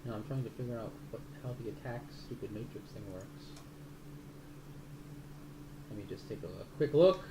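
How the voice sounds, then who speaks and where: A man's voice: lowish voice, moderate pace, long pauses, very noisy. A man running a tabletop game as game master, rambling through the rules and swearing casually. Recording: roomy room sound.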